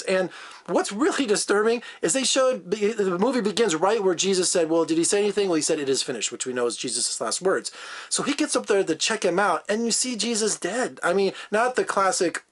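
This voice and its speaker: Chatty film critic man, slightly high voice. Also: animated, fairly quick, a bit bright. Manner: chatty, digressive, frequent fillers. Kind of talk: casual movie review.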